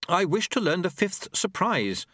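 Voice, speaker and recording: A man's voice: high voice, big pitch swings, a little slow, fairly bright tone, no room sound, studio quality, pitched above the performer's own voice, exaggerated voice. A man voicing a flustered, earnest young male apprentice who protests and hesitates, in an audiobook. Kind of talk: audiobook character voice.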